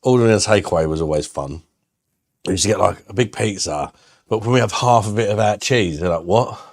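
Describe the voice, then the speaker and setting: Deep-voiced, sweary bloke. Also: male voice, animated, brisk, no room sound, clean studio sound. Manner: blunt, sweary and laughing, reads chat aloud. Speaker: beer reviewer hosting a live stream. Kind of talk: casual live-stream chat.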